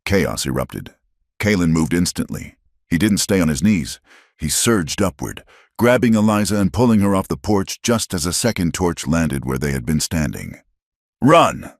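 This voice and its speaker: Very deep-voiced male narrator. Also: expressive, normal speed, no echo, clean studio sound. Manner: dramatic storytelling. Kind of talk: scripted narration.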